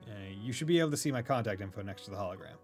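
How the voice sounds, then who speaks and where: A man's voice: on the low side, expressive, very fast, a little mellow, soft background music. A man voicing a formal, secretive man who speaks stiffly and carefully.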